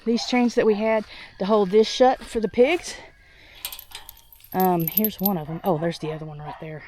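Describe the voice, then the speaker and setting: A woman vlogging outdoors on her farm while doing chores, sick and a little out of breath, thinking out loud with many restarts. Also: mid-range voice, fairly even intonation, normal speed, slight background noise. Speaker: homestead vlogger.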